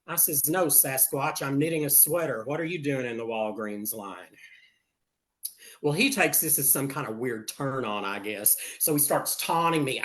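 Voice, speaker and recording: Campy older Texan comic. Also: male voice, mid-range voice, moderate pace, fairly bright tone. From Texas. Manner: sassy, campy punchlines with air kisses. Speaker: stand-up comedian. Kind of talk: stand-up comedy set.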